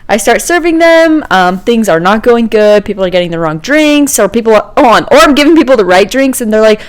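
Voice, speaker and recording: A woman's voice: a little high, lively intonation, a little fast, hardly any pauses, smooth. A woman co-hosting a podcast, telling a work story in casual chat, laughing often and acting out what people said. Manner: acts out quoted voices. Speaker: podcast co-host.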